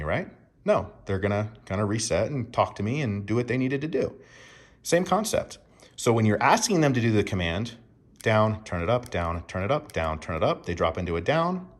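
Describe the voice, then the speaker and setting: A man explaining dog training to owners in an emphatic teaching tone, often checking in with "right?". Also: on the low side. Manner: emphatic, keeps asking "right?".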